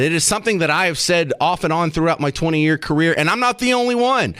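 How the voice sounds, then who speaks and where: A man's voice: mid-range voice, fairly bright tone, dry recording. A man hosting talk radio commentary from a studio, sarcastic and argumentative.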